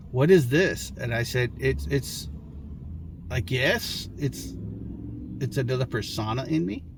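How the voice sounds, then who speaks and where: A man's voice: mid-range voice, vocal fry, a little hiss or hum. A man telling his own story to his viewers, talking casually and frankly, with lots of swearing, restarts and short laughs. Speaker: vlogger.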